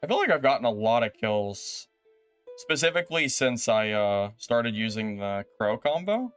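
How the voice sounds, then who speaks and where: A man streaming a game live, chatting with viewers in an animated, exasperated way with sudden exclamations. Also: clean tone, faint music behind. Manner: animated and exasperated, quick exclamations with big pitch jumps. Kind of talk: live gameplay stream chat.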